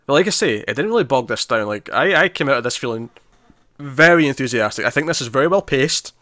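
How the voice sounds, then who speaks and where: A man talking quickly in a casual podcast chat, chatty and quick to laugh, voicing characters' lines for fun. His pitch sits mid-range, and the sound is close and dry with no room around it. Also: animated, sharp tone, no echo. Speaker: podcast co-host.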